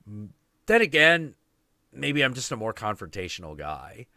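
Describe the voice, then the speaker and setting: A man in his twenties with a low, deep voice that still has a bright, forceful edge. He rants through a story with casual profanity, recorded dry and close. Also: sing-song, moderate pace, no room sound. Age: 20s. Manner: profane, ranting, confrontational. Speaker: podcast host.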